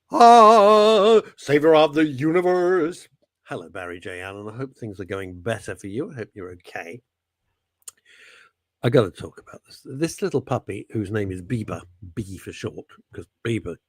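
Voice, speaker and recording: A man's voice: medium pitch, dry recording, clean studio sound. A man hosting a radio talk show, rambling through stories in casual chat with wry asides. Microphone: studio microphone.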